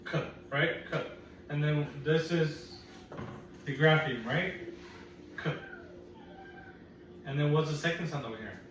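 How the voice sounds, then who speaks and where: A woman's voice: low-pitched, unhurried, pauses often. A woman teaching phonics to young children, patient, repeating vowel sounds and teasing that she will trick them. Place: classroom. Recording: echoey room from far off, faint noise.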